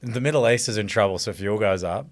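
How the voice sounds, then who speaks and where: A man's voice: lowish voice, quick pace. An Australian man co-hosting a casual comedy podcast, laughing often and prompting his mates. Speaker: podcast co-host.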